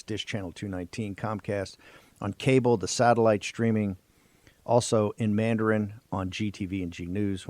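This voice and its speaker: Low-voiced, emphatic talk radio host. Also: male voice, a little mellow, dry recording. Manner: emphatic, sweeping oratory. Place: studio.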